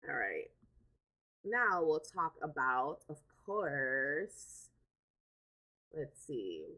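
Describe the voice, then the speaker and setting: A woman with a low, deep speaking voice talks casually to her live-stream audience. She rambles warmly, repeats herself, and leans on fillers as she goes. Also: big pitch swings, very slow. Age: adult with a daughter. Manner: chatty, repeats words, many fillers. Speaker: livestream host.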